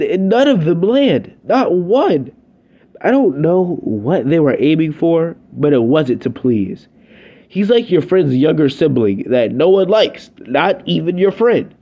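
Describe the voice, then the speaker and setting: A man's voice: a little high, mellow, dull audio. A young man giving a scripted review, ranting in an exasperated, sardonic way.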